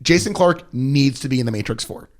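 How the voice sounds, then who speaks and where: A man's voice: medium pitch, a little fast. A young man co-hosting a comedy podcast, riffing sarcastically and profanely about a movie. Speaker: podcast co-host. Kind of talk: casual comedic movie chat.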